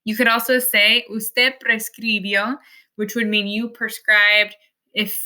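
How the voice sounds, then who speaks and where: A woman walks through a recorded lesson patiently, step by step. Her voice is very bright and clear, sitting at a middle pitch. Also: little pitch movement, takes it slowly. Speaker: Spanish teacher. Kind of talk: explaining slides in a recorded lesson.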